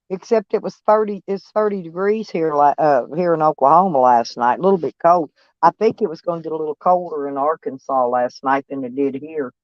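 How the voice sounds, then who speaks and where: A woman's voice: deep voice, normal speed, dry recording. Older lady chatting, folksy and rambly, swears some, dry dull lo-fi audio. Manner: rambling, folksy storytelling with cussing and laughs. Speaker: van-dwelling vlogger. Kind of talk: casual chat. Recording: dull lo-fi sound.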